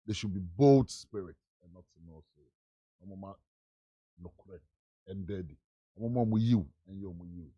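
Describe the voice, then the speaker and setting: Deep husky Ghanaian man, emphatic. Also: moderate pace, long pauses, dark tone, muffled recording. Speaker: political guest. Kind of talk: radio interview.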